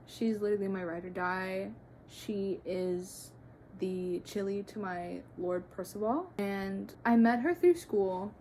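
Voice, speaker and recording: A woman in her early twenties chatting through a casual Q&A vlog, rambling excitably with playful tangents. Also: medium pitch, slow, slight background noise. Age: early 20s. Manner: frequent "like" fillers, playful tangents. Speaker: vlogger. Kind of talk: casual Q&A chat.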